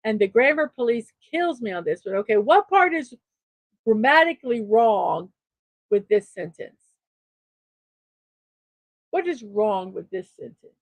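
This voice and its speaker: High-voiced woman chatting on a livestream. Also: very animated, unhurried, pauses often, no room sound. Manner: chuckles at her own jokes, chatty and upbeat. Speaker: livestream show host. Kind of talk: casual livestream chat reading memes.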